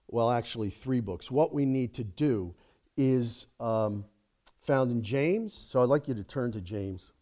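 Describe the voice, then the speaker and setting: A man's voice: medium pitch, warm tone. A middle-aged man preaching a sermon as a guest speaker, talking casually and then building to emphatic peaks, checking in with "okay?" and "right?".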